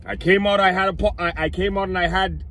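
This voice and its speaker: A man with a voice he says is going hoarse, talking emphatically to his viewers in a casual sports vlog. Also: high-pitched, steady tone, fast talker, fairly bright tone. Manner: emphatic, addresses viewers as "people". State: losing his voice. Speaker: vlogger.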